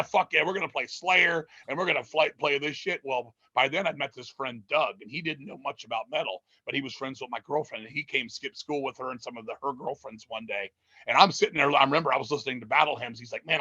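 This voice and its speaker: A man's voice: medium pitch, no echo, muffled recording. A man telling rambling, profane stories about starting a metal band in a casual interview. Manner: profane, rambling, animated storytelling.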